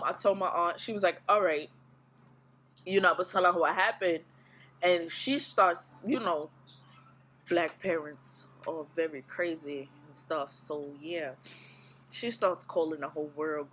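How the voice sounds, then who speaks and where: A woman with a lowish voice tells a story casually to the camera in a vlog, poorly recorded. She is blunt and profane, animatedly acting out her own reactions as she retells it.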